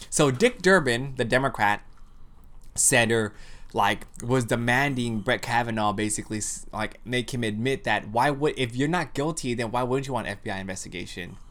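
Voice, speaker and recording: A man in his thirties co-hosting a casual podcast, telling stories with lots of swearing and acted-out quotes. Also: medium pitch. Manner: animated storytelling, acts out quotes, swears a lot. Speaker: podcast co-host. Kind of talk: casual profane chat.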